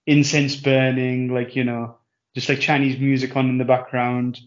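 A man's voice: medium pitch, flat delivery, moderate pace, muffled recording. A man co-hosting a podcast, teasing his friend, swearing and laughing at his own jokes. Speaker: podcast co-host. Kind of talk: casual banter.

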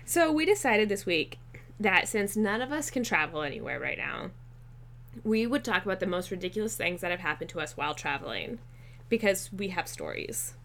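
A woman's voice: medium pitch, normal speed, gravelly, a little hiss or hum. A woman co-hosting a casual podcast chat, telling stories with plenty of swearing. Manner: swears a lot, animated storytelling. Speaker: podcast co-host.

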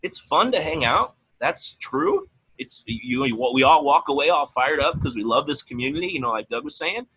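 A man co-hosting a motivational team call, animated, with his pitch leaping up when he gets excited. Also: moderate pace, husky, poor audio. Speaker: coach and co-host.

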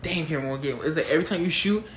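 A man co-hosting a casual podcast, telling stories expressively and jumping into high voices when quoting. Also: racing, fairly bright tone, slight background noise. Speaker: podcast co-host. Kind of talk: casual chat. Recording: roomy echo.

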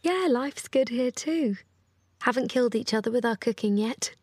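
Actress as a young bride, playful newlywed, dry close sound, slightly high voice. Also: female voice, moderate pace, slightly rough, no echo. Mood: affectionate. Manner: teasing, warm with laughter. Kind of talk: audio drama acting.

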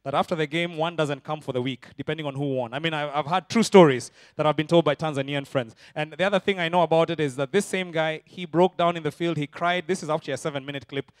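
Animated pastor, high and dry. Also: male voice, fast talker, hardly any pauses, no room sound. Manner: animated, swinging from loud shouting to soft intimate tones. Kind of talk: sermon.

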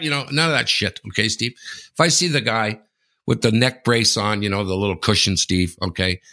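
Casting: Canadian man, podcast co-host, gravelly and bright, lively storyteller. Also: normal speed. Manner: animated storyteller, keeps saying the host's name, mimics others in a high voice. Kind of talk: casual sports podcast chat.

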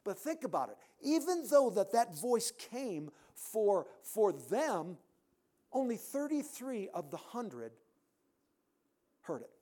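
A man preaching a sermon in a church, emphatic, rising to loud peaks and dropping to quiet endings. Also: high voice, very animated, slow pace.

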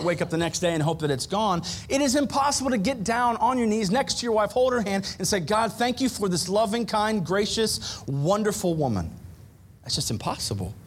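A man preaching a sermon on marriage, animated, acting out quoted arguments between spouses. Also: sits high. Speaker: pastor.

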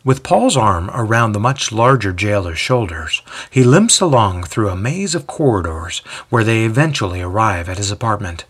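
Low, husky male storyteller. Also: sing-song, moderate pace, hardly any pauses, a bit bright. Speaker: narrator. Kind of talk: scripted storybook narration.

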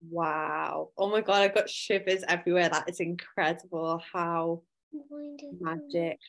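A woman's voice: on the low side, steady tone, creaky. A woman hosting a podcast, chatting casually and reacting with encouragement. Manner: warmly encouraging, quick reactions. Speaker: podcast host.

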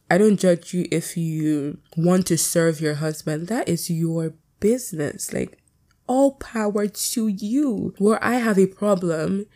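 A woman hosting her own podcast, talking fast in a candid, rambling way and swearing freely. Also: fairly low pitch, warm tone. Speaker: podcast host. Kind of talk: casual solo podcast chat.

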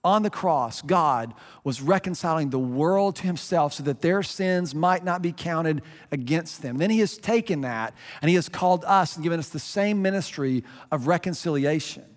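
A man's voice: fairly high pitch, expressive, moderate pace, few pauses, long reverb tail. A middle-aged man preaching a sermon as a pastor, earnest and conversational, often restarting his phrases.

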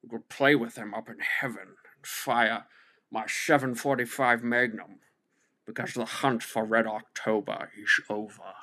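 A man's voice: medium pitch, fairly even intonation, measured pace, sharp tone, low-quality recording. A man impersonating a famous old actor on his deathbed, serene and grandly boastful. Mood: contented. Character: dying old male screen legend, content and proud.

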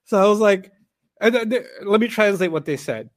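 A man's voice: high-pitched, brisk, no room sound, studio quality. A man from New York giving a conversational Quran lesson, telling stories and acting out dialogue. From New York, United States. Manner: animated, conversational, acts out dialogue. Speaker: Quran teacher. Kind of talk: Quran lesson with personal storytelling.

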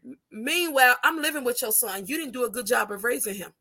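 A woman co-host speaks bluntly and swears freely. Her voice is a little high and bright. She rants in a fired-up, casual way. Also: expressive, fast talker. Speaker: podcast co-host. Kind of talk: casual opinionated chat.

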